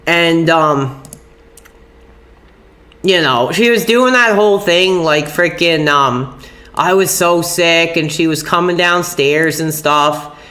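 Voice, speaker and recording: A man's voice: on the high side, slow, pushed and bright. A young man live-streaming from home, rambling casually and agitatedly, with frequent "dude" and minced swears. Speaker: livestreamer. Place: at home, upstairs room.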